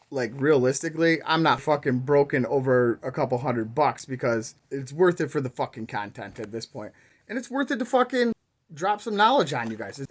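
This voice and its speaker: A man hosting his own video, ranting in a rambling, heated way and swearing constantly. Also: on the high side. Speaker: crypto YouTuber. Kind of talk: profane ranting vlog.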